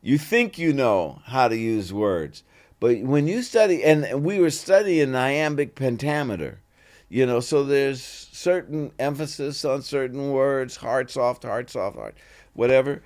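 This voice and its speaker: A man's voice: mid-range voice, unhurried. An older man, a guest actor in an interview, telling stories and acting out bits of dialogue. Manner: animated, acts out dialogue in voices. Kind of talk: casual interview storytelling.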